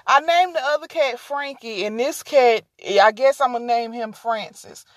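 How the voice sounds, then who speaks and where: A woman hosts a casual solo podcast, her voice sitting a bit high. She rambles and drifts off track easily, talking to listeners as y'all. The sound is close and dry, with no room echo. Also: normal speed, hardly any pauses, a bit bright. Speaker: podcast host.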